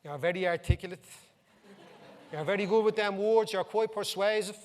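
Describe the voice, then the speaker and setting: A man's voice: sits high, normal speed, natural voice. A man, voicing a blunt, mocking male taxi driver in a story told to an audience. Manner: blunt, teasing. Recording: reverberant hall.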